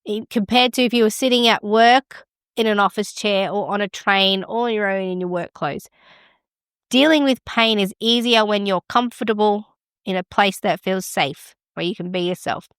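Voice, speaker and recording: A woman's voice: medium pitch, moderate pace, fairly bright tone, clean tone, no room sound, clean studio sound. A middle-aged woman hosting a midwifery podcast, giving frank, encouraging advice in a conversational way. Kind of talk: casual advice talk.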